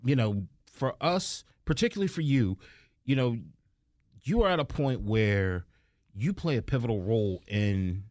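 A man's voice: mid-range voice, expressive, normal speed, darkish tone, no echo, clean studio sound. A man co-hosting a podcast in casual chat, a jovial, silly storyteller. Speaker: podcast co-host.

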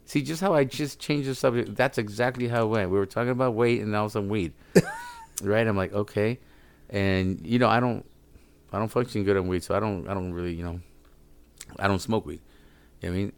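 A man's voice: fairly low pitch, fairly quick, smooth. A man chatting as a podcast guest, rambling and swearing freely as he tells stories, full of fillers. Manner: rambling, profane storytelling with many fillers. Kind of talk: casual podcast chat.

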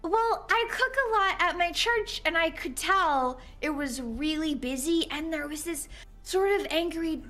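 A woman with a high, bright voice playing her character in a tabletop game. She talks slowly and stays upbeat and friendly, with faint music behind. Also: animated. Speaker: player.

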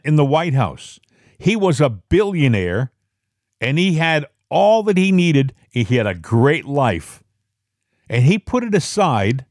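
An indignant man hosting a political talk show, rambling along with lively ups and downs in his voice. He is recorded dry and close to the mic. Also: fairly high pitch, no room sound. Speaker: podcast host.

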